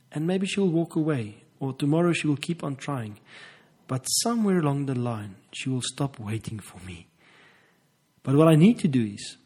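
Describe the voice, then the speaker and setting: Earnest husky-voiced male couples therapist. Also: medium pitch, a little mellow, rough recording. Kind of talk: reflective motivational talk.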